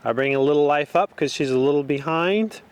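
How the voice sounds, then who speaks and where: A man training a horse outdoors, talking the viewer through each step in a relaxed, casual way. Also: fairly high pitch, brisk, smooth. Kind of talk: casual instruction while working a horse.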